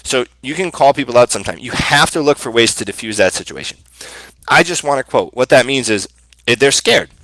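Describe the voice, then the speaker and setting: A man hosting a live Q&A as a sales coach, talking in a casual, energetic way with many fillers and restarts. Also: mid-range voice, fairly quick, dry recording, rough recording.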